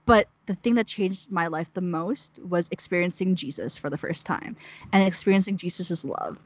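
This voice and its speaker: A woman's voice: on the low side, moderate pace. A young woman telling a heartfelt story in casual chat, rambling with many "like"s. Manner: rambling, heavy use of "like", emotional storytelling. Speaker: guest sharing a mission story.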